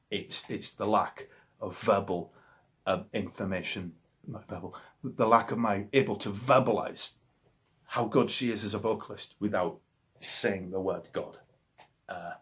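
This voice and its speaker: A man's voice: lowish voice, fairly bright tone. A man in his forties with a Yorkshire accent, a musician talking casually and enthusiastically about the records that shaped him. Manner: enthusiastic and rambling, with frequent restarts. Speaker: musician guest.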